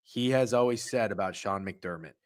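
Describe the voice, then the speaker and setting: Animated, swearing man talking sports. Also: on the low side, moderate pace. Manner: animated, swings from loud to muttered asides. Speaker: co-host of a sports betting stream. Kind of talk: casual profane sports chat.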